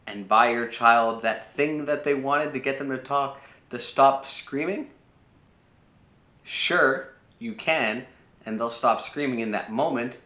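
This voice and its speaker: Bright-voiced man giving parenting advice. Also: mid-range voice, roomy sound, dull audio. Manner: speaks freely with restarts, acts out brief quoted lines. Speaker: personal growth speaker. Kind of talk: casual spoken advice talk.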